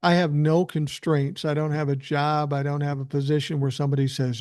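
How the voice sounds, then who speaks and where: A man's voice: fairly high pitch, a little fast, a little mellow, no echo, clean studio sound. An older man hosting a live stream from his living room, ranting bluntly with plenty of profanity. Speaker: podcast host doing a live stream. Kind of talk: casual live-stream rant.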